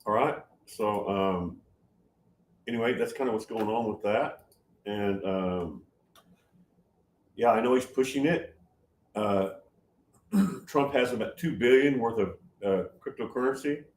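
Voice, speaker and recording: An older man in his seventies talks through viewer comments on his stream. He gets loud when he's excited and often stops to restart his sentences. His voice sits a bit low, and the room around him echoes. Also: measured pace, pauses often. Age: 70s. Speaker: livestream host answering chat. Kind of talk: casual livestream talk.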